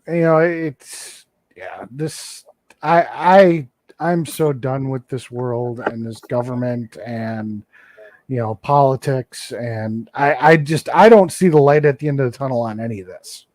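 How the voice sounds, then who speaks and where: A man's voice: mid-range voice, a little slow, a little mellow, no room sound. A man in casual chat who talks hesitantly and teases. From United States. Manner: hesitant, teasing.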